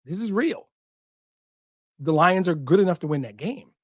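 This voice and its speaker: A man's voice: sits high, expressive, normal speed, no room sound, clean studio sound. A man hosting a sports podcast, talking emphatically and repeating short punchy lines, with an occasional curse. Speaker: podcast host. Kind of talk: passionate sports talk.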